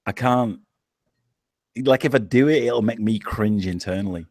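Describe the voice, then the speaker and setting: A man's voice: fairly low pitch, normal speed, darkish tone, no room sound. An Englishman with a Yorkshire accent in a casual online chat, laid-back, swearing and laughing often. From England. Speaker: show host.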